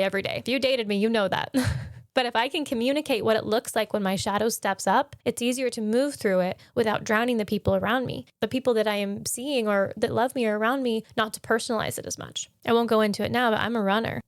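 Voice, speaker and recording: A woman's voice: fairly high pitch, no room sound, clean studio sound. A woman hosting a podcast, giving earnest, conversational dating advice and reflecting on her own experiences. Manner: earnest, conversational, self-reflective with light laughs. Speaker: podcast host. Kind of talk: personal dating advice monologue.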